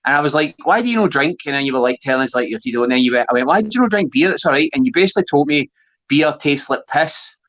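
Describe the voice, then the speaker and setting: A man's voice: a little high, lively intonation, racing, fairly bright tone, highs cut off. A Scottish man chatting as a wrestling guest, blunt and sweary, laughing often. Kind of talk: casual chat.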